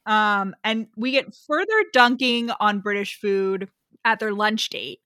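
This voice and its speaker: A woman co-hosting a casual book podcast, talking in an animated way, laughing often and swearing casually. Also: mid-range voice, slow pace, no echo, clean studio sound. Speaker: podcast co-host. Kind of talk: casual book-club chat.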